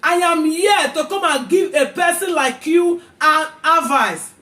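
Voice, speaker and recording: A woman with a Nigerian accent, ranting angrily in a vlog, repeating herself and often shouting. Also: very high voice, unhurried, echoey room. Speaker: vlogger. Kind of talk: angry rant to camera.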